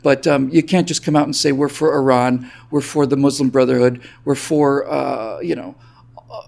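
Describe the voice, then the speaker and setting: A man's voice: medium pitch, fairly even intonation, moderate pace, creaky, a little mellow. A man as a panelist on a political talk show, talking in an emphatic, scornful way. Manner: emphatic, scornful, mocks with mimicry.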